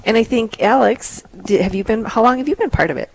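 A woman hosts an interview in a chatty, encouraging way, affirming her guest at every turn. Her mid-range voice carries a gravelly rasp, with a faint hum of room noise behind her. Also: a little high, quick pace, rough recording. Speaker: interview host. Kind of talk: casual interview chat.

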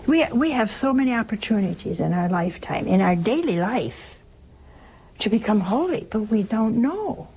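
A woman's voice: a little high, big pitch swings, moderate pace, mellow, breathy edge. An older woman preaching a sermon in a homespun, teasing way, asking rhetorical questions and acting out little everyday scenes. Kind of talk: sermon on works of mercy.

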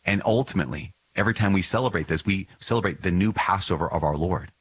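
A man's voice: deep voice, fast, breathy edge. A man hosting a religious podcast, teaching with earnest enthusiasm and telling stories with many small digressions. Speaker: podcast host.

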